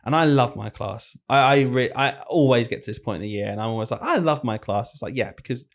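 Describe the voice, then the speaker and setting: A man, a teacher, chatting on a podcast with animated, self-correcting storytelling. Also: medium pitch, fast. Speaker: primary school teacher and podcast co-host. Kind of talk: casual podcast chat.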